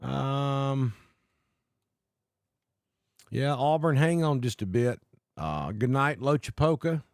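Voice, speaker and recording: A folksy Southern man with an Alabama drawl and a touch of mountain talk, hosting a live weather stream. He talks at an easy, middling pitch, greeting viewers by name one after another. His voice sounds dry and close to the mic. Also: darkish tone, clean tone, no room sound. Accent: Southern US, Alabama with north Georgia mountain mix. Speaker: weather livestream host. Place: home in northeast Georgia.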